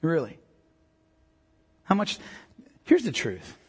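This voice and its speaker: Male pastor, middle-aged, husky and high-pitched, joking sermon delivery, long reverb. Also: wildly swooping pitch, slow pace, darkish tone. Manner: joking asides with a congregation. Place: church hall.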